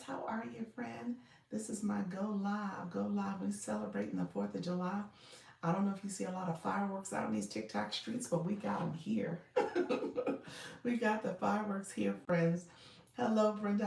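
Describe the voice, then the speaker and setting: A woman hosts a casual home livestream, speaking low and soft, almost in a whisper. Her voice is a bit gravelly and she greets viewers one by one. She sits back from the mic in an echoey room. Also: far from the mic. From Florida. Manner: talks softly and low, near a whisper; chatty, greets viewers by name. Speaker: livestream host and coach.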